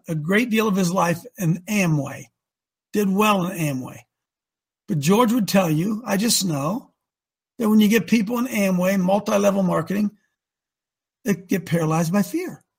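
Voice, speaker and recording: Male host preaching, high and raspy, emphatic, swings from loud to hushed. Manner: emphatic, rhetorical questions, swings loud to soft. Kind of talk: preaching on a talk show.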